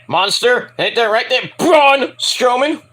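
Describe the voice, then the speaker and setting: A young man casually rambling through a wrestling show review, breaking into shouted impressions of the wrestlers. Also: extremely high pitch. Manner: rambling, animated, mimics wrestlers in shouted bursts.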